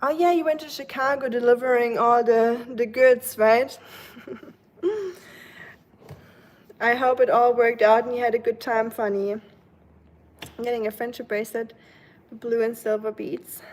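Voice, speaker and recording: At home with rain falling outside, a woman live streams and chats casually with her viewers, playful and often laughing. Her voice is fairly high and a little slow, with frequent pauses. The audio is poor, with rain ambience in the background.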